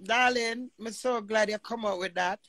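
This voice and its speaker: A woman's voice: fairly high pitch, moderate pace, a crowd in the background. A woman hosting a live chat, talking emotionally and praying in an emphatic, preacherly way. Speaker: livestream host.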